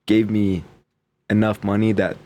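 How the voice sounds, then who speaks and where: A man's voice: on the low side, a little hiss or hum. A young man co-hosting a faith podcast, talking casually with frequent fillers and restarts. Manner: relaxed, halting with many fillers. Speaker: podcast co-host. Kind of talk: casual chat.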